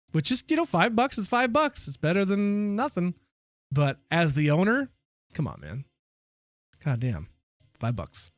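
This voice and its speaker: A man chats on a live stream, telling stories full of swearing and animated asides. His voice sits a bit high for a man, and the sound is close and dry, with no room echo. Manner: profane, animated storytelling. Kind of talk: casual live-stream chat.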